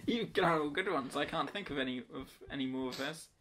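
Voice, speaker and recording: A man's voice: a little high, fairly quick, bright, forceful tone, a little hiss or hum. A man co-hosting a film podcast, chatting casually, often hesitant and a bit confused. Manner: hesitant, easily confused, laughing along. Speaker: podcast co-host. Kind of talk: casual chat.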